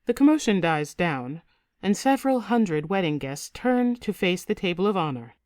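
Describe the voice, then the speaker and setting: Measured woman narrating an audiobook. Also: on the low side, lively intonation, darkish tone, dry recording, clean studio sound. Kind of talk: scripted narration.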